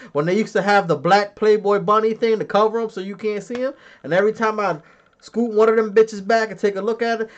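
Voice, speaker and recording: Joking, profane man with a high voice. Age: 30s. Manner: profane, joking storyteller who laughs often. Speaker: podcast host reading chat comments. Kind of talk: casual chat. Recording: dull lo-fi sound.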